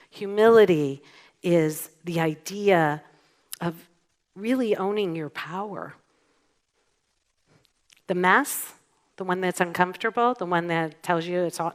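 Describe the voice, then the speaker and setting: A middle-aged woman minister giving a conversational, playful sermon in a church and asking the congregation questions. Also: fairly low pitch. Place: church sanctuary.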